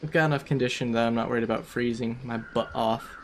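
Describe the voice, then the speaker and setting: A man's voice: medium pitch, fairly even intonation, fast talker, a little hiss or hum. A man giving casual, rambling commentary over a survival game, chatty and self-deprecating.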